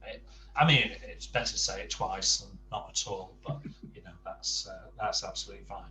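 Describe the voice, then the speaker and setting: A man teaching Spanish, patiently correcting pronunciation and encouraging his student, often trailing off softly. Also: deep voice, brisk, roomy sound, far from the mic, slight background noise, low-quality recording. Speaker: Spanish tutor. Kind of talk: online language lesson, coaching pronunciation.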